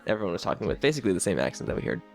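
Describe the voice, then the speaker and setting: A man's voice: low-pitched, big pitch swings, rapid-fire, creaky, faint music behind. A man hosting a casual podcast chat who laughs often between lines. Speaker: podcast host.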